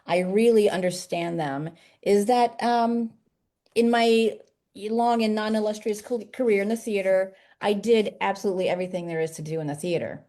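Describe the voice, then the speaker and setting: A woman's voice: mid-range voice, normal speed. Chatty woman poet on a video call. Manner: lively, chatty, laughs easily. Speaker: children's poet and author. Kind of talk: casual interview chat.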